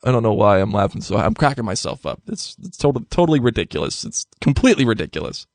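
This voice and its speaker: A man's voice: lowish voice, sing-song, quick pace, no echo, clean studio sound. A young man hosting a podcast, rambling casually with frequent laughter and restarts. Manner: giggly, rambling, many restarts. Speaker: podcast host.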